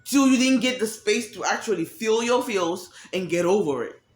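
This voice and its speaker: A woman's voice: medium pitch, expressive, normal speed. A woman giving a candid, profane monologue about emotions, acting out quoted voices as she talks. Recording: echoey room.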